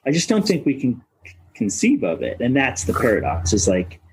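A man's voice: mid-range voice, wildly swooping pitch, brisk, a little hiss or hum, poor audio. A man from Minnesota, a coach of coaches, talking as a podcast guest in a searching, philosophical way and swearing casually. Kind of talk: reflective podcast conversation.

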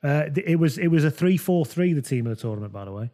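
A man hosting a podcast, chatting about football in a relaxed, rambling way and often correcting himself mid-sentence. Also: a little high, fast. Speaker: podcast host. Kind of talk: casual football chat.

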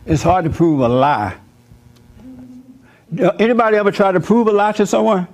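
An emphatic man talking to a room full of listeners in a fairly high voice. He preaches and jokes in turns and acts out the people in his stories. His delivery is lively and direct. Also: moderate pace. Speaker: host speaking to a live group. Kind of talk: animated preaching talk with anecdotes.

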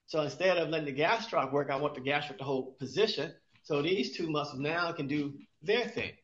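A man with a slightly high, slightly quick and fairly bright voice co-hosts a podcast as an exercise expert. He explains exercise in easygoing chat, full of self-directed rhetorical questions and frequent restarts. The sound is roomy, dull and lo-fi.

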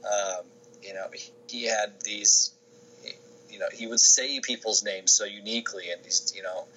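A man talks through his career in a relaxed, rambling way, circling back and restarting his sentences. His voice sits a little low but has a bright, forceful edge. A faint background hiss runs under the recording. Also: moderate pace, low-quality recording. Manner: rambling, many restarts and fillers. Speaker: sports information director, podcast guest. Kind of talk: casual interview answers.

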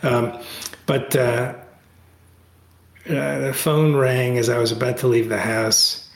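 A middle-aged man telling a story in a casual interview over a video call, animated and full of restarts, his voice jumping high when excited. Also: slow, creaky, roomy sound. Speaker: guest, author and Tai Chi teacher.

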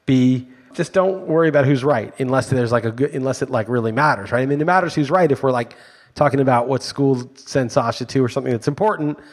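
A man's voice: mid-range voice, fast talker. A man co-hosting a casual podcast chat, ranting emphatically and swearing freely. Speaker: podcast co-host.

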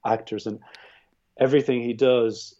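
A man's voice: medium pitch, steady tone, normal speed, mellow, muffled recording. An Irish man, a guest on a podcast, talking through films thoughtfully with many restarts and "you know"s. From Ireland. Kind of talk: casual film discussion.

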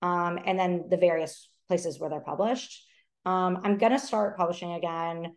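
A woman's voice: on the low side, steady tone, darkish tone. A woman guest on a podcast, talking in a Valley Girl voice full of "like", laughing often as she argues her points. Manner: laughs often, fast opinionated talk. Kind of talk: casual conversation.

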